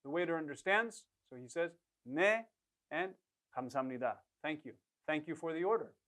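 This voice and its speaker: Speaking quickly with lively intonation and a slightly bright, raised tone, this Korean instructor guides beginners through drills. He patiently coaxes the learner to echo each phrase and offers praise after every try.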